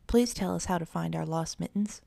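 A woman's voice: on the low side, fairly quick, gravelly, mellow, dry recording. A woman voicing a brave little boy kitten who speaks eagerly. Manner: eager and earnest.

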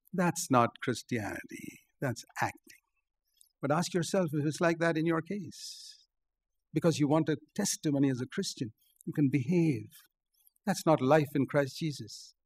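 Gravelly emphatic preacher. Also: male voice, moderate pace, long pauses, slight background noise. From India. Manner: emphatic, rises to stressed points then drops low. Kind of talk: sermon.

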